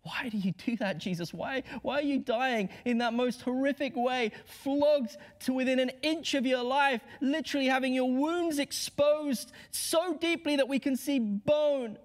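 A man delivers a Good Friday sermon in a notably high voice. He preaches with impassioned, rhetorical drive, sinking to hushed lows before climbing to emphatic peaks. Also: fairly even intonation, unhurried, few pauses.

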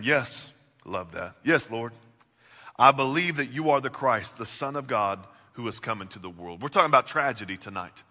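A man preaching a sermon, swinging from loud, emphatic lines to hushed, intimate questions. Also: mid-range voice. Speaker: pastor. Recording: long reverb of a large hall.

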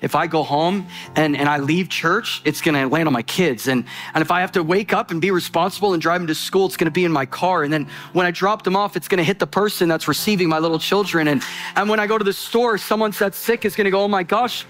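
A man preaching a sermon with passion, swinging between loud urgency and low intensity and rushing in bursts with repeated restarts. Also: faint music behind.

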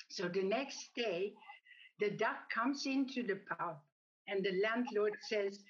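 Slow, measured woman giving a talk. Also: medium pitch, lo-fi sound. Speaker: speaker. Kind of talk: reflective talk with a told joke.

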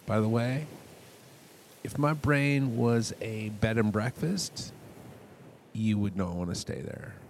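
A man hosting his own music podcast in a casual, rambling monologue, full of self-mocking jokes and sudden loud bursts of enthusiasm. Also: fairly low pitch, takes it slowly, gravelly, pauses often, slight background noise.

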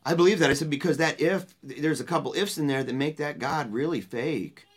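A guest at a book launch sharing an emotional personal story in a loose, heartfelt way, dropping to a hushed voice at tender moments. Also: medium pitch, fairly quick. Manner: earnest and emotional, dropping to a hushed voice when retelling words of comfort; loose spoken style with restarts and colorful phrases. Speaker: guest speaking at a book release party.

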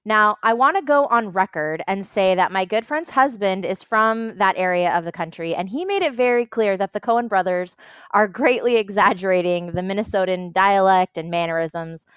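A woman hosting a podcast, moderating the discussion briskly and handing over to others. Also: medium pitch, clear, resonant tone, no echo, highs cut off. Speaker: podcast host.

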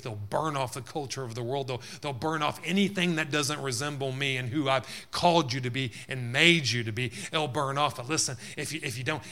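Gravelly pastor guy preaching, bright edge, lots of amens. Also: mid-range voice. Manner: preaching with rising intensity, repeated amens. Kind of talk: sermon.

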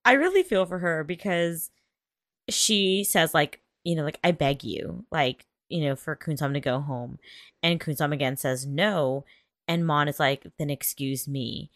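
A woman with a deep, low voice chats casually about a series she is recapping. She talks with emphasis and laughs often. The sound is dry, with no room echo. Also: moderate pace, fairly bright tone. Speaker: podcast co-host.

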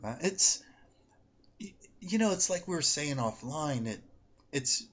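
A man's voice: on the high side, expressive, a little slow, a bit bright. A man hosting a podcast in casual chat, laughing often, rambling and correcting himself, coming down with a cold. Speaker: podcast host and psychic medium. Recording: slightly dull lo-fi audio.

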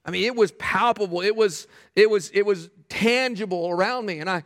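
A man preaching a sermon as pastor, emphatic and animated, often repeating phrases for effect. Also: high-pitched, brisk, long reverb tail. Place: church sanctuary.

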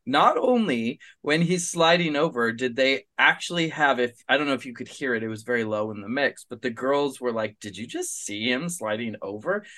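A man's voice: medium pitch, expressive, normal speed, few pauses, bright, forceful tone. A man guest-hosting a horror film podcast, talking through his views in a casual, thinking-aloud way with restarts. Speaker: guest co-host, documentary director.

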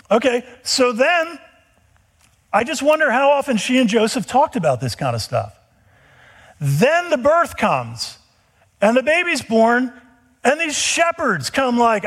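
A man preaching a sermon, retelling scripture stories with animated storytelling and quick acted-out dialogue. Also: very high-pitched. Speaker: pastor.

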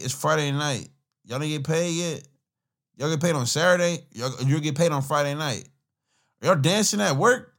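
Podcast host, a man with a fairly high, very lively voice, casual slangy reaction talk, faint music underneath. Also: moderate pace. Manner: profane, laughing, rambling slang.

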